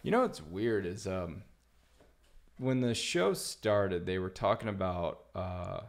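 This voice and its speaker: Low, gravelly male podcast host; relaxed, rambling delivery with lots of fillers. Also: slow. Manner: laid-back, rambling with many fillers. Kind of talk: casual chat.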